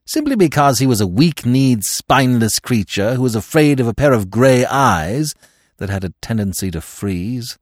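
A man reading a classic novel aloud as the narrator in an expressive storytelling manner. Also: medium pitch, normal speed, no echo, clean studio sound. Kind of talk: scripted audiobook narration.

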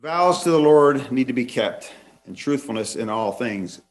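A man's voice: mid-range voice, lively intonation, moderate pace. Man preaching a structured sermon. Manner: outlines points, reads scripture aloud, restarts phrases.

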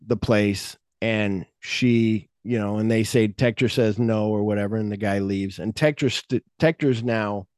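A man hosting a podcast, retelling a film script in a rambling, animated way and acting out bits of dialogue. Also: lowish voice, a little slow, hardly any pauses, no room sound, studio quality. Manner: rambling, animated plot retelling with acted-out quotes. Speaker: podcast host. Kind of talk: casual podcast chat.

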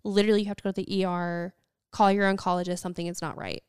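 A woman's voice: lowish voice, flat delivery, rapid-fire, smooth, no echo, clean studio sound. A young woman in casual conversation, telling a long personal story in a chatty way, acting out what people said, with lots of "like" and "um". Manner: chatty storytelling, quotes people, many fillers.

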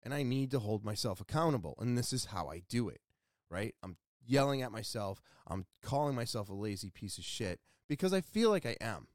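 A man hosts a casual solo podcast, talking candidly and swearing freely as he scolds himself while nursing ribs made sore by a torn muscle. His lowish voice is very animated and a little fast, recorded in studio quality with no echo.

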